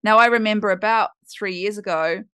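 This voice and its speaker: A woman's voice: medium pitch, brisk, a bit bright, clean tone, dry recording. Woman podcast host, candid and chatty, dry close recording, mid-range voice. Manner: candid and chatty, with some swearing. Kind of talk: casual podcast monologue.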